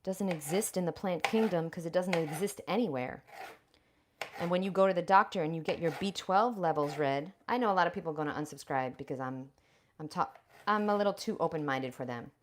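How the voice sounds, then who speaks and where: A woman who vlogs about the raw vegan lifestyle chats bluntly and profanely with her livestream viewers as she prepares food in her home kitchen. Her voice sits low and moves fairly quickly, with background noise audible.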